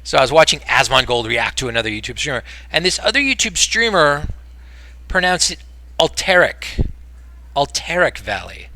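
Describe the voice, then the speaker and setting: Streaming a game, this American-accented man talks fairly quickly in a fairly high voice, with no echo in the recording. His casual chatter wanders, shifting from mumbles to loud bursts of exasperation.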